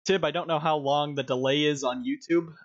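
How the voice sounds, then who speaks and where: A man's voice: on the high side, steady tone, brisk, highs cut off. A man hosting a casual live stream through a headset, rambling and laughing often. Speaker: stream host.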